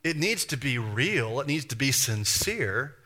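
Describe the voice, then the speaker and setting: A man pastor delivers a sermon in a very bright, forward voice. He keeps it conversational, throws rhetorical questions at the congregation and slips into little acted-out quotes. His pitch sits in an ordinary middle range. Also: very animated, a little slow.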